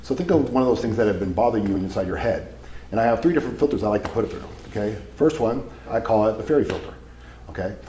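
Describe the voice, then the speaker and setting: A man's voice: on the low side, fast talker, warm tone, reverberant, a little hiss or hum, rough recording. A man giving a live seminar talk to an audience, casual and profane, telling stories as he goes. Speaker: seminar speaker.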